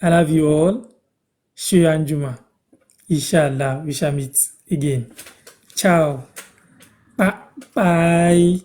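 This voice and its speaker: A man from Ghana with a Ghanaian accent, hosting a live-stream language lesson and repeating phrases slowly so viewers can follow. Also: on the high side, darkish tone.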